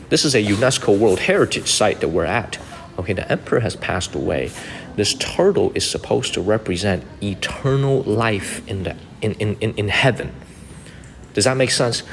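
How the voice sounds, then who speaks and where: A man's voice: fairly low pitch, in a large hall, slight background noise. A man live-streaming a tour of a historic site, chatting, repeating himself and thanking viewers by name. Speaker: livestreaming travel vlogger. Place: outdoors at a historic mausoleum site.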